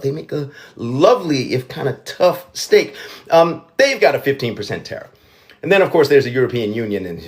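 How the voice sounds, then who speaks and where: A man hosting a live show, delivering satirical news commentary with sarcastic, profane asides. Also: mid-range voice. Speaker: host. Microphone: livestream.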